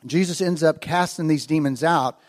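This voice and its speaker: Male preacher, informal storytelling delivery, a touch high-pitched, acts out the quotes. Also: moderate pace. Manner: conversational, acts out quoted lines with rising animation. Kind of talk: casual storytelling sermon.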